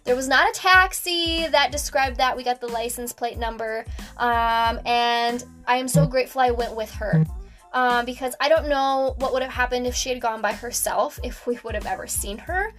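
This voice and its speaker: A woman's voice: on the high side, moderate pace, a bit bright, faint music behind. A young woman hosting a podcast, telling a story casually with lots of fillers. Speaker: podcast host.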